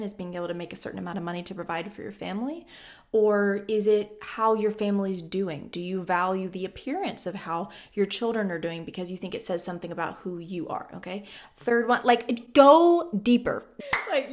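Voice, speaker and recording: A woman in her twenties talks straight to her viewers about self-help in a casual, blunt way. She leans on emphatic repetition to drive each point home, in a voice of middling pitch. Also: steady tone, a little fast. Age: 20s. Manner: emphatic and blunt, repeats lines for stress. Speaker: vlogger.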